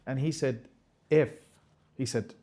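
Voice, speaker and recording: Man, religious lecture, emphatic, forceful bursts, Arabic phrases, medium pitch. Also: slow pace. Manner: emphatic, rising to forceful scolding. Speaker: religious teacher.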